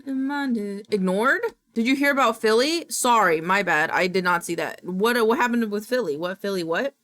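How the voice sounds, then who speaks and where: A woman streamer chatting casually with her viewers, animated and quick to laugh and apologize. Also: medium pitch.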